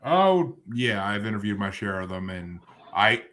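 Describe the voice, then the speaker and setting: A man's voice: lowish voice, big pitch swings, a little slow, fairly bright tone, slight background noise. A man hosting a podcast interview, talking casually in rambling, self-interrupting runs with sarcastic asides. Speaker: podcast host.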